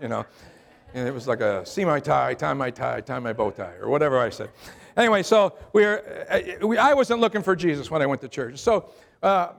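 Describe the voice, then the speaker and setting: Gravelly older male pastor preaching. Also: high-pitched. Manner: conversational storytelling, repeats words when starting sentences. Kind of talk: sermon with personal testimony.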